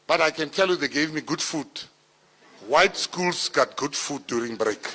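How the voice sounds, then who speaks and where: A middle-aged South African man giving a speech, telling personal stories and acting out the dialogue, rising loud at the punchlines. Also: on the high side, normal speed. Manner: animated storyteller, acts out dialogue, gets loud at punchlines. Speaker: minister giving a keynote speech. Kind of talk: storytelling speech to an audience.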